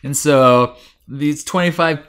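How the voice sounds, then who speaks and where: A man's voice: on the high side, slow pace, fairly bright tone, clear, resonant tone. A man hosting a podcast, recapping a TV show in a rambling casual chat full of fillers and restarts. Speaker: podcast host.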